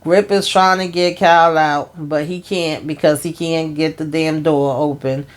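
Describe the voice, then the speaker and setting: A woman's voice: deep voice, fairly even intonation, measured pace. Chatty woman recapping a TV episode. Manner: retells scenes with quoted dialogue, exclaims and laughs; colloquial, frequent fillers. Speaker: TV recap host.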